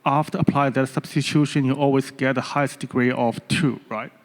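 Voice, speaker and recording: A man in a conference audience asks a question with some hesitation. He searches for words as he goes. His voice sits at a middle pitch. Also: steady tone, a little fast. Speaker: audience member asking a question. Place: conference hall.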